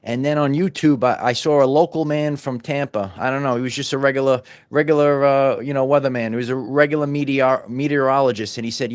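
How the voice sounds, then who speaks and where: Speaking a little fast with hardly any pauses, a middle-aged man on his own channel delivers a loose, preachy motivational monologue. His medium voice keeps a fairly even intonation as he repeats himself, stumbles, and starts over.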